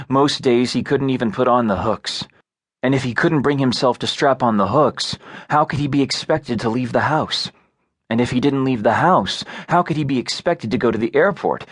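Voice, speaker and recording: A male audiobook narrator reading fiction in a measured, even delivery on a close studio mic. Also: mid-range voice, no echo. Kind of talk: scripted narration.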